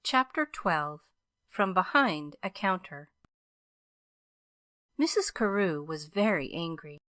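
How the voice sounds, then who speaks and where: A woman reading an audiobook aloud in measured, even scripted narration. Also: fairly low pitch, no echo, clean studio sound.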